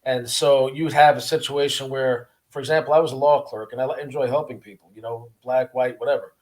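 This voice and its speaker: A man's voice: mid-range voice, fairly even intonation, brisk, a little mellow. Earnest man recounting prison life. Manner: earnest, repeats words, acts out guards' voices. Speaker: guest, former prisoner. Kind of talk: casual interview storytelling.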